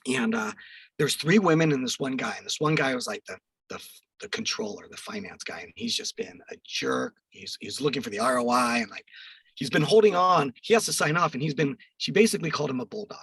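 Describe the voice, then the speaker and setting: A middle-aged man, a podcast guest, telling a story in an animated way and acting out the quoted dialogue. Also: medium pitch, gravelly, slightly rough, no room sound, far from the mic, poor audio.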